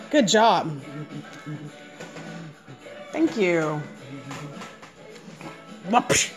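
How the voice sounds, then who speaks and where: A young woman at home feeding her son, filmed on a phone, switching between soft murmured questions and high cheerful praise. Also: expressive, measured pace, pauses often, soft background music. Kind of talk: casual home video chat.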